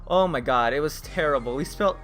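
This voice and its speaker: A young man telling exasperated, laughing stories about his fast-food job in a casual vlog. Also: a little high, a bit bright, faint music behind. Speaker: vlogger.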